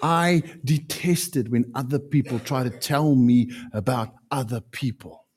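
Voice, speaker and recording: A man preaching a sermon as pastor, emphatic, with sudden loud peaks. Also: medium pitch, measured pace, husky.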